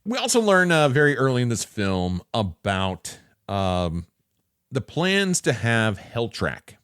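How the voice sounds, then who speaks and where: A man co-hosting a casual movie podcast. He rambles and jokes, with a voice that swings lively up and down. The sound is dry and close to the mic. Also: medium pitch, slow pace, clean tone, no echo. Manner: rambling, animated, fond of doing voices. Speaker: podcast co-host. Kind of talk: casual movie-review chat.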